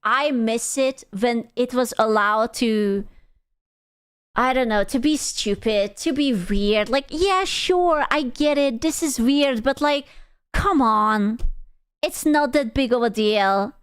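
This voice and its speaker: A young woman with a high, smooth voice talks to her stream in an unhurried, rambling way. She swears freely and sounds exasperated as she reacts. Her close mic gives a dry sound with no room echo. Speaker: VTuber streamer. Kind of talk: casual reaction commentary.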